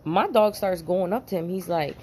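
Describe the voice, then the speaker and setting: A woman from New Jersey, a former police officer, telling a story to camera in an animated, profane, emphatic way, with bursts of laughter. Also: on the low side, moderate pace, a little hiss or hum.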